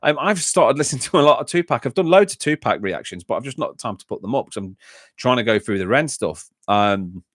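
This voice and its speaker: A man's voice: mid-range voice, lively intonation, brisk, no echo, studio quality. Chatty man, rambling livestream talk. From England. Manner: rambling and self-deprecating, many fillers and restarts. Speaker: music reaction channel host on a livestream. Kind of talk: casual chat, reading and answering live comments.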